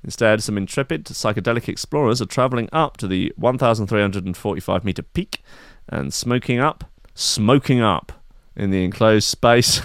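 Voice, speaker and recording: A man hosting a radio show, trading mocking quips over odd news stories. His voice sits low, and the studio sound is dry and close, with no room around it. He talks in a wry, teasing way. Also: moderate pace, clear, resonant tone, no echo. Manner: wry, mocking, giggly asides. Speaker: radio host. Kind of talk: comic news chat.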